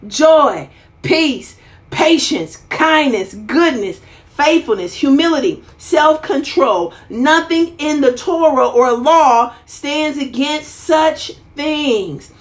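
Preacher, woman, high voice, fervent and repetitive. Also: animated, slow pace. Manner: fervent call-and-response preaching, repeating phrases. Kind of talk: sermon broadcast.

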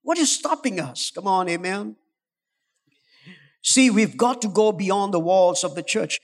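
A man's voice: high voice, animated, measured pace. A male pastor preaching a sermon, urging and coaxing his congregation with rising intensity. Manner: urgent, exhorting, rising to shouts, coaxing the congregation. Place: church hall. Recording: long hall reverb.

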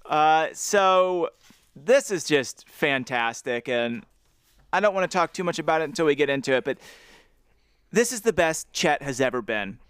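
A man's voice: a little high, expressive, normal speed, fairly bright tone, clear, resonant tone, no echo, clean studio sound. A man co-hosting a podcast, chatting enthusiastically and reading from a book aloud. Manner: enthusiastic, giggly. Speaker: podcast co-host. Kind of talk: casual chat and book reading.

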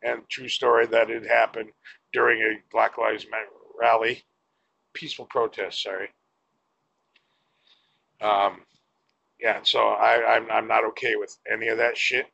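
A man's voice: on the low side, level tone, measured pace, vocal fry, long pauses, pushed and bright, dull audio. A man giving a blunt, profane opinion rant to camera as a vlogger.

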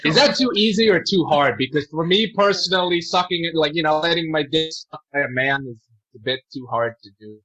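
A man's voice: fairly high pitch, brisk, bright, forceful tone. A young man in his twenties telling crude stories in casual chat, joking and laughing often. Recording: dull lo-fi sound.

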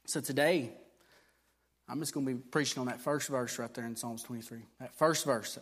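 A man's voice: mid-range voice, fairly even intonation, moderate pace, a bit bright, husky. A man preaching a sermon, explaining things in a conversational teaching way with fillers and restarts, then building to emphatic repeated declarations.

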